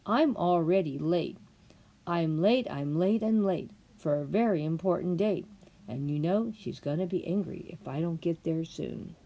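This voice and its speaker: A woman voicing a fussy, hurried male white rabbit who scolds and frets about being late. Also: lowish voice, expressive, warm tone. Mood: scolding.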